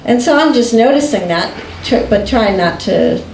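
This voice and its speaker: A woman telling a personal story in conversation, unhurried and often breaking into laughter. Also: fairly high pitch, animated, creaky, darkish tone, slight background noise. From United States. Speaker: guest recounting a personal story. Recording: echoey room.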